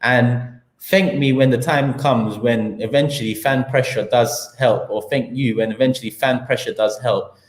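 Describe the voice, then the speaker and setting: A man with a London accent hosts a live football talk stream, ranting in a slangy, heated way and stacking up his points. His voice sits at a middle pitch. The room around him is echoey. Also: steady tone, moderate pace.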